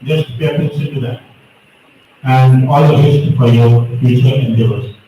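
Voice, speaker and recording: A male judge at a school speech competition corrects pronunciation, slowly laying out the relevant rules. His mid-range voice is dark with fairly even intonation, and the muffled, distant recording echoes through the hall with faint music behind.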